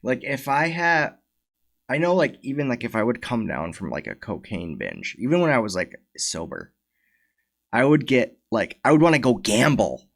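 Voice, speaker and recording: A man co-hosting a podcast, talking haltingly with many fillers in casual chat. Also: mid-range voice, huge pitch swings, creaky. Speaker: podcast co-host.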